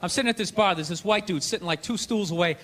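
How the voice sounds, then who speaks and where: Ranting high-voiced stand-up comedian. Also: male voice, quick pace. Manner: ranting, sarcastic, bursts into shouting. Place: theater stage before a live audience. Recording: live theater recording with audience laughter and noise.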